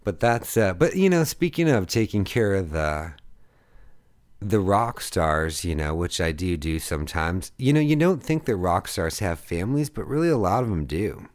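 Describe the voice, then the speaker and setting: A man's voice: deep voice, big pitch swings, moderate pace, darkish tone. Rambling, laughing man in his thirties. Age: 30s. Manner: rambling, profane, laughs at his own stories. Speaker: podcast host. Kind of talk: casual storytelling monologue.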